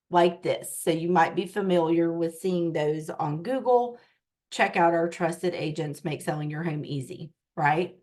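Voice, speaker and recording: On a video call, a woman tech coach with a lowish voice leads a live online training. She keeps an unhurried pace and checks in with her listeners often.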